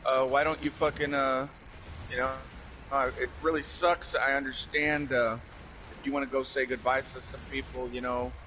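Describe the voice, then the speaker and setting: A man's voice: mid-range voice, little pitch movement, normal speed, bright, forceful tone, slight background noise, poor audio. A man in casual chat, angrily recounting a story with lots of swearing and repeating himself as he quotes what he said. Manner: profane, heated, repeats "I said" while quoting himself.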